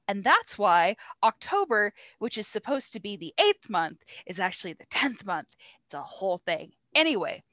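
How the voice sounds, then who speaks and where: A woman's voice: medium pitch, expressive, normal speed, fairly bright tone, no room sound. Irreverent woman retelling a play. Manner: irreverent, swears, acts out characters in a slangy way. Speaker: podcast co-host.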